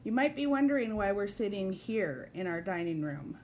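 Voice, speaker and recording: A woman's voice: medium pitch, very animated, moderate pace, a little mellow, slight background noise. A woman hosting a casual livestream from her dining room, bubbly and greeting viewers by name. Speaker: livestream host. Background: rain and a barking puppy.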